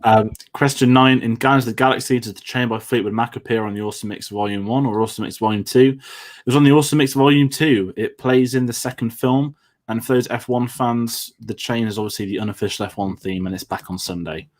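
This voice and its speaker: A man's voice: mid-range voice, steady tone, fast. A man reads out film quiz questions and answers in an easy, chatty way. He pokes fun at himself as he goes, and his voice sits in a middling range. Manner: chatty, self-deprecating. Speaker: quiz co-host. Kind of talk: casual quiz chat. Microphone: headphones on.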